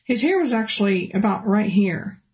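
A woman telling a personal testimony in a halting, restart-filled way, her voice rising high and emotional when she recalls pleading. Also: animated, poor audio. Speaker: guest telling a near-death testimony. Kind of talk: personal testimony, casual storytelling.

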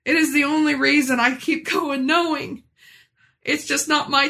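A woman in her forties giving an emotional religious testimony, earnest and halting, often restarting her sentences. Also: high voice, steady tone, bright, forceful tone. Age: 40s. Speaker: speaker sharing a personal testimony.

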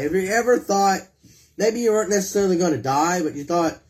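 A man with a high voice preaches a sermon. He retells scripture in his own words and keeps turning to ask his listeners questions. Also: brisk, darkish tone.

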